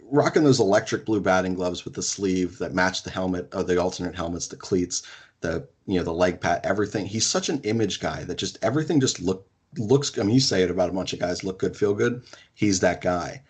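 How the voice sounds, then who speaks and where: A young man with a deep, husky voice hosts a casual sports podcast. He talks with excited emphasis and drops the odd swear word as he goes. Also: a little fast. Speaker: podcast host.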